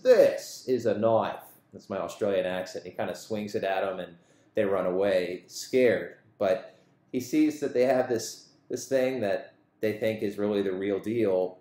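A man with a fairly low voice reads the gospel to schoolchildren and then reflects on it. His delivery is earnest and storytelling, and he slows down on the key lines. The sound has the echo of a roomy space. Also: a little mellow. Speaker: school chaplain. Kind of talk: gospel reading and reflection for students. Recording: echoey room.

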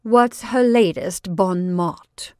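A woman's voice: medium pitch, sing-song, unhurried, gravelly, no echo, studio quality, heavily acted. A woman reading a story aloud and voicing a haughty, contemptuous young woman with a cool, mocking drawl.

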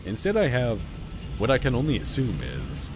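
A man's voice: medium pitch, huge pitch swings, normal speed, vocal fry. A man streaming a horror video game, joking and chatting casually as he plays and talks back to the game. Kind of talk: casual gameplay commentary. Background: game music.

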